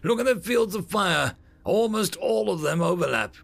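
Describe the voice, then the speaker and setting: A man voicing an excitable alien male soldier in an audiobook sci-fi story. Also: sits high, normal speed, vocal fry, soft background music, voice pushed up, heavily acted. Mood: eager.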